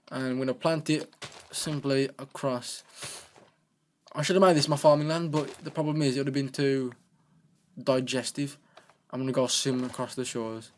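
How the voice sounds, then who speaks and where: A man's voice: medium pitch, fairly even intonation, moderate pace, a little hiss or hum. Guy rambling thru a let's play, goofy, talks to himself, keyboard clicking faintly behind. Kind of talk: casual gameplay commentary.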